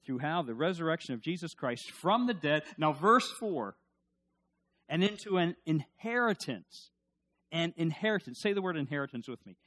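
A man's voice: fairly high pitch, big pitch swings, normal speed, fairly bright tone, no room sound. A middle-aged man preaching a sermon as pastor, building to emphatic bursts and asking the congregation to repeat after him. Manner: preaching with rising emphatic bursts and call-and-response.

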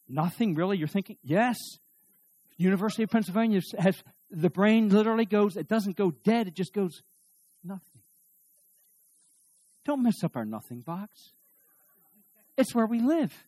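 A middle-aged man giving a humorous talk on marriage to a live audience, animated and joking, often restarting his sentences. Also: sits high, no room sound. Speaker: speaker on marriage.

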